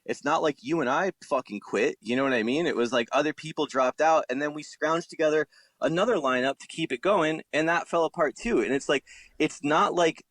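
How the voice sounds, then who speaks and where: A man's voice: on the high side, brisk, no echo, low-quality recording. A man in his thirties in casual chat, talking about his old bands, swearing freely and acting out what people said. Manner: swears a lot, animated, acts out quotes. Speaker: podcast guest, musician.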